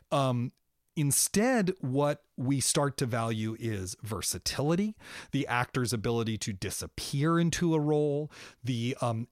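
A man talking enthusiastically about acting history as a guest, with quick restarts and brief mimicked voices. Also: mid-range voice, no echo, studio quality. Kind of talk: animated conversational explanation.

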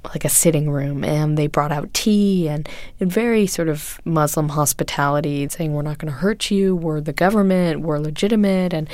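Low-voiced woman telling a hard story. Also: a little mellow, dry recording. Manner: earnest, measured storytelling with frequent fillers. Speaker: guest, photojournalist. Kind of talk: recounting experiences in an interview.

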